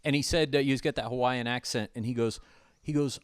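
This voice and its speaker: A man's voice: medium pitch, steady tone, fast talker, smooth, no echo. A man hosting a casual podcast chat from a house, telling stories with plenty of "uh" fillers and restarts. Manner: rambling storyteller, many uh fillers. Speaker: podcast host.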